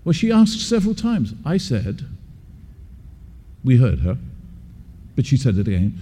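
Guy preaching slow and emphatic, mellow voice, long echo from the hall. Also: medium pitch, huge pitch swings, slightly rough. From England. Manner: emphatic, repeats words for stress. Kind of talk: expository sermon with personal story.

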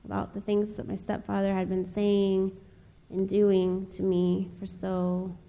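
A young woman from Ohio giving a personal testimony speech, telling her story in an earnest, measured way with pauses. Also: mid-range voice, completely flat delivery, vocal fry, dull audio. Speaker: speaker. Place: chapel. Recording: long reverb of a large hall.

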